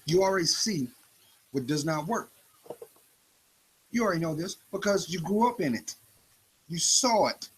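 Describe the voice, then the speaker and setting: A man's voice: on the high side, animated, moderate pace, pauses often, slight background noise, low-quality recording. A man delivering a preachy spoken-word monologue, confronting the listener with rhetorical questions.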